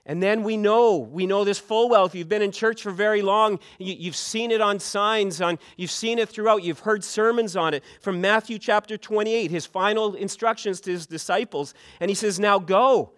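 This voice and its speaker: A middle-aged male pastor from Canada delivers a sermon in a fairly high voice. He is earnest and often repeats his first words before a sentence gets going. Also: moderate pace, few pauses, a bit bright, clean tone.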